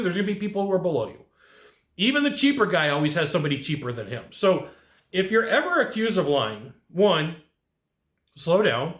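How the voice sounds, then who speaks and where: Male sales coach, upbeat, slightly high voice, plays out dialogue, echoey room. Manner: animated, acts out quoted dialogue. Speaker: sales trainer. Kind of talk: coaching talk to camera.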